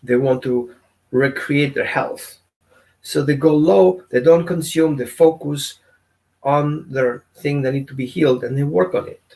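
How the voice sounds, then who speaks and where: A man's voice: medium pitch, a little slow, gravelly, a little mellow. A man teaching as a dog trainer in a casual, conversational way, often asking his audience questions. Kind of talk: informal teaching talk.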